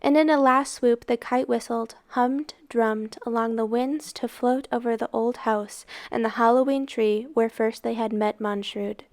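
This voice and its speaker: A woman reads a storybook aloud with dramatic expression, her voice set a little high. A gravelly, creaky texture runs through her narration. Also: fairly even intonation, measured pace, few pauses. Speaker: reader.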